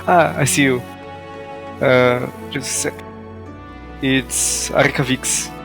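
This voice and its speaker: A man from Brazil, speaking English as an in casual voice chat, halting and searching for words. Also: mid-range voice, steady tone, vocal fry. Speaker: friend playing along. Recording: game music behind voice.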